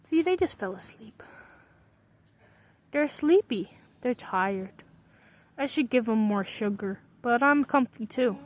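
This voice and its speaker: Woman, slightly high voice, rambling to herself, casual musing commentary, bedroom on a bunk bed. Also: expressive, slow, long pauses. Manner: muses aloud to herself, drifts between thoughts. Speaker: vlogger.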